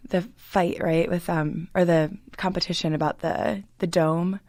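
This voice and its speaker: A woman's voice: on the low side, fairly even intonation, unhurried, a little mellow, no room sound, studio quality. A woman hosting a casual interview, asking friendly, chatty questions with fillers. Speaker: interviewer host.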